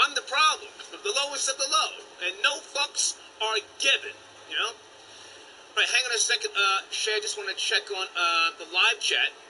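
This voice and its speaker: A man hosting a live call-in stream, bantering loudly and cursing freely. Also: high-pitched, slight background noise, rough recording. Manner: loud brash banter with profanity. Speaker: host.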